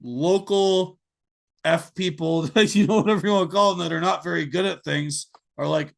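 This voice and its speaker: A man's voice: a little high, normal speed, creaky. A man from Canada hosting a podcast interview, blunt and opinionated as he talks. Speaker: podcast host. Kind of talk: conversational interview.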